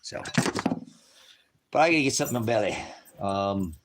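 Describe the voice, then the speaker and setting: A man's voice: on the low side, expressive, normal speed. Profane, ranting older man streaming live. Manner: profane, rambling, swings between mutters and loud rants. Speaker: livestreamer. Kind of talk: rambling live-stream monologue.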